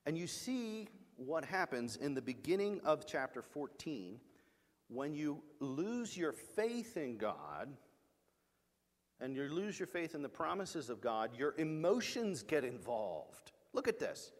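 A man's voice: fairly high pitch, sing-song, unhurried, big-room sound. A middle-aged male pastor preaching a sermon, in an emphatic, storytelling way.

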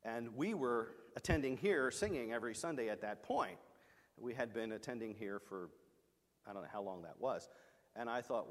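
A man's voice: mid-range voice, sing-song, normal speed, big-room sound. A middle-aged male pastor preaching a sermon, in an emphatic, storytelling way.

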